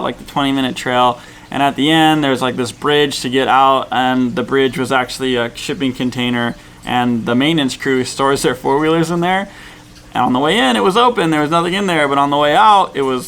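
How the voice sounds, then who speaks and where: A man's voice: medium pitch, a bit bright, smooth. A man vlogging about a canyoning trip, talking in a laid-back, rambling way with plenty of fillers. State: cold and tired. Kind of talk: casual vlog storytelling. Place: outdoors in a jungle canyon at dusk.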